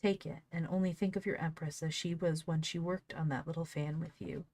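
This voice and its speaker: A woman's voice: sits low, steady tone, a little fast, a little mellow, dry recording. A woman reading an old storybook aloud, now and then breaking off to laugh and comment on it. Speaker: reader of an old book. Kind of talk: casual read-aloud with asides.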